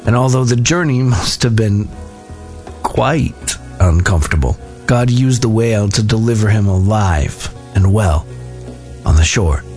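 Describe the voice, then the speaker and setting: A man giving a devotional talk and reading scripture aloud in a measured, solemn way. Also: on the low side, animated, a little mellow, faint music behind.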